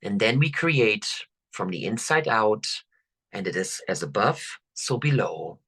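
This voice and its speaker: An older woman coach, leading listeners through affirmations in a slow, soothing, drawn-out way. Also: very deep voice, very animated, a bit bright, slightly rough. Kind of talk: guided affirmation talk.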